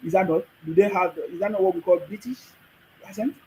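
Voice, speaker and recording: This livestream host is a Nigerian-accented man whose noticeably high voice has a dark tone and a steady delivery. He talks briskly and emphatically, repeating himself and lecturing back at viewer comments, over a rough recording with a little hiss or hum.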